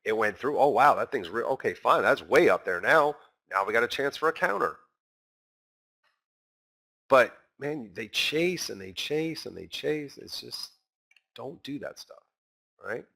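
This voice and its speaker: A man's voice: medium pitch, expressive, a little slow, creaky, pauses often, bright, forceful tone. A man teaching a trading class in an emphatic way, asking questions and answering them himself. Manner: emphatic, rhetorical, asks and answers his own questions. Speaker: trading instructor.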